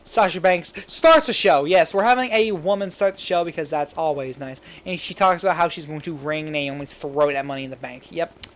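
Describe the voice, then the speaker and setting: A man casually talking through an imagined wrestling show, rambling with quick asides and laughing at his own jokes. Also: a little high. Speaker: fantasy booking commentator. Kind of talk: casual solo commentary.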